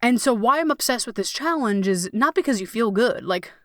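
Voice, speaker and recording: A woman's voice: on the high side, lively intonation, fairly quick, fairly bright tone, dry recording, clean studio sound. Candid, swearing woman podcast host. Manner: candid, emotional, swears freely. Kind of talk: solo podcast monologue.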